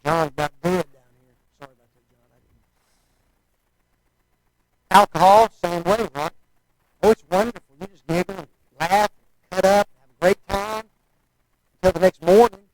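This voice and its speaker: A man's voice: high voice, normal speed, pauses often, dry recording, rough recording. A man preaching a sermon in a folksy, conversational way, often asking the listeners rhetorical questions.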